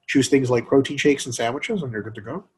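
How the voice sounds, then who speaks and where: A man hosting a casual fitness podcast, profane and animated, often acting out other people's voices. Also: medium pitch, fast, slightly rough. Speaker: podcast host.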